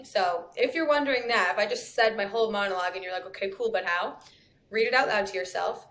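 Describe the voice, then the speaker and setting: A woman's voice: mid-range voice, fast talker, fairly bright tone. Chatty woman, podcast guest. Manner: chatty, laughs often, lots of "you know" and "like". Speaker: copywriter guest. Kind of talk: casual podcast chat.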